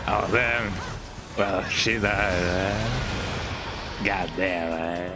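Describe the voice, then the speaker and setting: A man's voice: low voice, very slow. A man streaming a video game in casual commentary, tagging "eh?" onto his remarks and chuckling often. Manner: tags nearly every line with "eh?", chuckles often. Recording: game music playing behind.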